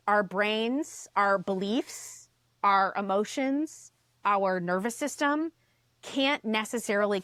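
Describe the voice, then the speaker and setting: Guesting on a podcast, a woman with a mid-range voice tells a story in casual chat, animated and swearing as she acts out the voices she quotes. The studio-quality recording has no echo.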